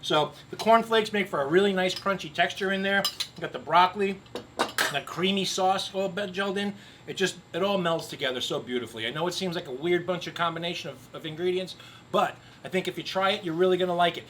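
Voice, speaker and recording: A man's voice: high-pitched, quick pace, background noise. A middle-aged man hosting a grill cooking video outdoors, chatting upbeat and joking to camera. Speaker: grill cooking show host. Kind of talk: casual cooking demo to camera.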